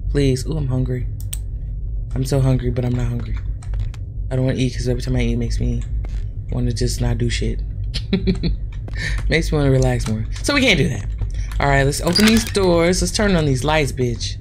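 A woman hosting her gaming channel, giving casual horror game commentary. She is excitable, swears a lot, and keeps talking to her viewers. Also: low voice, slight background noise.

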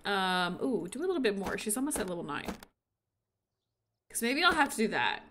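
A woman chatting her way through a game on stream, her voice leaping around with plenty of swoop and a bright, forward edge. She talks casually and excitably, bursting into gushing squeals at the animals. She sounds a little sniffly. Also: mid-range voice, a little fast, slight background noise. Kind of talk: casual gameplay commentary.

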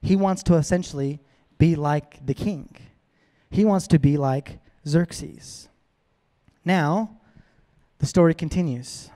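Brief: casual, animated male preacher, higher-pitched voice. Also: slow, pauses often. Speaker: pastor. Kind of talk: sermon.

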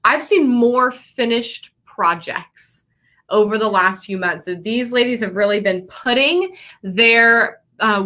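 A woman's voice: mid-range voice, pushed and bright. A woman hosts a live online quilting class celebration. She talks effusively and greets viewers by name. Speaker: quilting teacher and livestream host.

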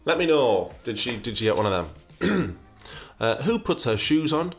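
Reading out questions sent in by viewers, this man chats casually in a very animated mid-range voice at normal speed. He mulls over every answer and tends to say things more than once.

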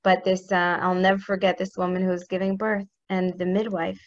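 A woman's voice: on the low side, flat delivery, a little fast, muffled recording. A woman giving a heartfelt spiritual talk as a religious teacher, intimate and earnest. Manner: intimate, earnest, speaks prayers aloud.

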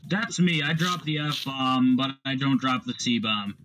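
A man in a casual stream chat, throwing in quick joking remarks. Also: medium pitch, lively intonation, sharp tone, poor audio.

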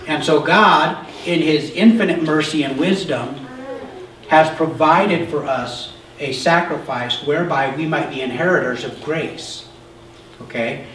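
A male pastor preaching a sermon, explaining scripture in a conversational way with frequent "okay?" checks and occasional shouted emphasis. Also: fairly high pitch, slow pace, slight background noise. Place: church sanctuary. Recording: roomy, distant church recording.

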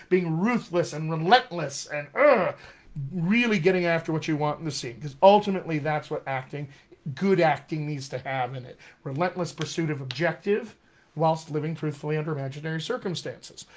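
A man with a General American accent, teaching accents in a live-streamed lesson with an energetic, emphatic manner. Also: fairly high pitch. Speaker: dialect coach. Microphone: webcam or phone mic.

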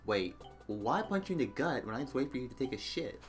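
A man's voice: medium pitch, big pitch swings, a little fast, soft background music. A young man co-hosting a let's play, telling crude jokes and stories in casual chat while gaming. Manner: crude joking storyteller.

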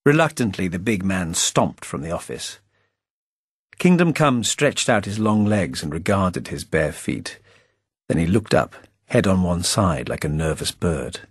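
Un uomo dalla voce bassa e un po' roca legge il proprio romanzo come audiolibro, con tono asciutto e ironico. La registrazione è ravvicinata e senza eco. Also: male voice, big pitch swings, normal speed, husky, dry recording, studio quality. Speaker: author reading his novel. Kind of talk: audiobook narration.

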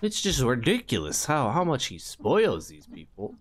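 In this comedic let's play of a horror game, a male YouTuber's medium-pitched voice swoops wildly up and down at a normal pace. His commentary is jokey and rambling, full of sing-song sound effects and mock-innocent remarks.

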